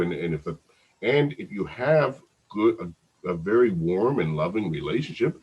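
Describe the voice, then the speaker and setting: A man's voice: fairly low pitch, lively intonation, normal speed, a little mellow, slightly rough, muffled recording. A man teaching a psychology lecture in a conversational way, often restarting and repeating words. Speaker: psychology instructor. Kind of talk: recorded lecture.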